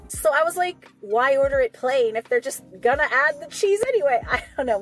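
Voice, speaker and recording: A woman hosting a reaction video, recapping an episode in a chatty, rambling way with little asides and apologies. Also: sits high. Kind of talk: casual recap and commentary.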